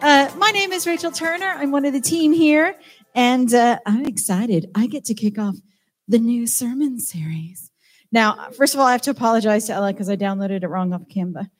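A woman's voice: on the high side, moderate pace, soft background music. A woman with a British accent on a church team, giving an informal, chatty sermon with self-deprecating asides. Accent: British English. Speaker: church team member preaching.

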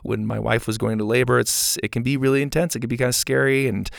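A man's voice: mid-range voice, fairly even intonation, fast, vocal fry, dry recording, studio quality. A man in his thirties, a podcast host reading listener reviews in a casual, enthusiastic and earnest way to young listeners.

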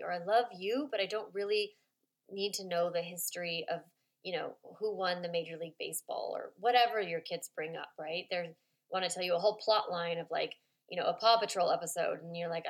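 A woman hosting a parenting podcast as a coach, talking informally with lots of "like" and "right?", softening her voice to model calm replies to children. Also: normal speed. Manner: chatty and informal, full of "like" and "right?"; acts out children's complaints in a high voice. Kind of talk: conversational podcast monologue.

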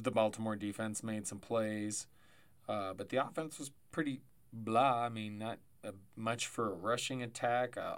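A man's voice: mid-range voice, a bit bright. Tired guy rambling thru football stats on his podcast, chatty, keeps correcting himself. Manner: rambling, chatty, self-correcting with asides and laughs. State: tired, yawning. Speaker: fantasy football podcast host. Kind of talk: casual solo sports podcast.

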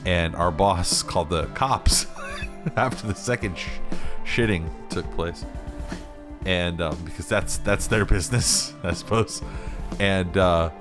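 Low-voiced guy on a podcast, rambly and cracking up, some soft music behind. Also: measured pace. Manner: rambling, laughs often, swears freely. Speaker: podcast co-host. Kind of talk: casual chat.

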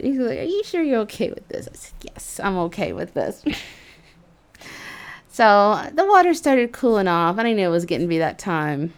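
A woman recounts a personal story in a relaxed, chatty way. She giggles often and keeps dropping fillers like "like" and "you know". Her pitch sits right in the middle. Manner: animated, giggly, with frequent fillers like "like".

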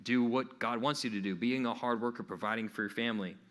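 A man's voice: mid-range voice, steady tone, fast talker, in a large hall. A man preaching a conversational sermon who often checks in with his listeners with questions. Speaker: pastor.

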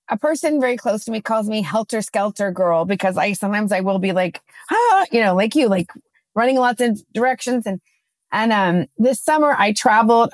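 A woman co-hosting a podcast, chatting casually and telling a lively story, acting out her own quotes. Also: mid-range voice, no room sound. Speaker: podcast co-host.

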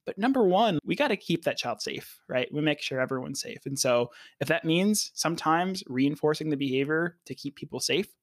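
A man's voice: on the high side, expressive, moderate pace, hardly any pauses, no echo. Man, podcast co-host, casual explaining, frequent "right?" check-ins, dry sound. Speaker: podcast co-host, behavior analyst.

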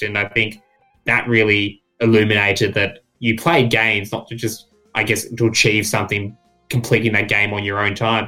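A man, a guest on a casual podcast, talking in a thoughtful, measured way. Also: lowish voice, sharp tone, rough recording.

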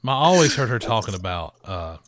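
A man's voice: fairly low pitch, big pitch swings, fast talker, a bit bright, dry recording, clean studio sound. A man, hosting a casual chat and telling stories with laughs and restarts. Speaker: podcast host.

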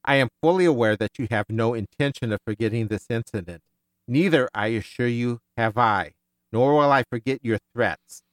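A man reading aloud as a composed female starship captain, measured and cold. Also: medium pitch, fairly bright tone, no echo, lightly acted. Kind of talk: reading a novel passage aloud.

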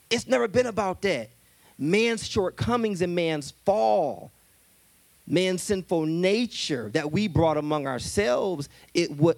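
Emphatic high-voiced male preacher. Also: no room sound. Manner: emphatic, colloquial, repeats key phrases. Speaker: minister. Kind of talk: sermon.

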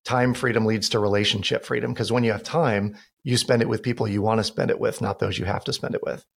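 A man's voice: fairly low pitch, steady tone, fast, vocal fry, husky. A man talking as a podcast guest and financial expert, telling stories earnestly in casual conversation. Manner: storytelling with quoted dialogue, earnest.

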